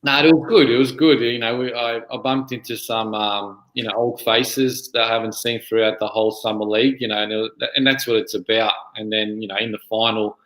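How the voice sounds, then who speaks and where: A man in his thirties, a guest on a podcast, talking in a relaxed, rambling way. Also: fairly low pitch, fairly quick, few pauses, echoey room, low-quality recording. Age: 30s. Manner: relaxed, lots of "you know" fillers. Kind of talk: casual interview.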